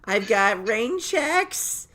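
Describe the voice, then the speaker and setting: A man voicing his bargain-hunting mother at a grocery checkout, in a shrill, pleading tone. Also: sing-song, very slow, a bit bright, heavily acted.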